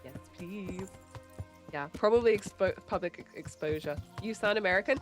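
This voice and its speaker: A woman's voice: mid-range voice, moderate pace, faint music behind. A woman with a light English accent, chatting casually on a livestream, laughing often and mumbling a bit. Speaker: streamer.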